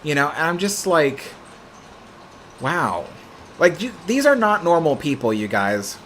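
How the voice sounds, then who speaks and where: A young adult man hosting a casual live stream, telling stories in an animated, expressive way. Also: fairly high pitch, a little slow, slight background noise.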